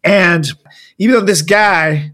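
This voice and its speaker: A man's voice: high voice, takes it slowly. A man co-hosting a comedy podcast, telling a story with lots of jokes and laughter. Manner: joking, laughs often, animated storytelling. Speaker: podcast co-host. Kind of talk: casual comedic podcast chat.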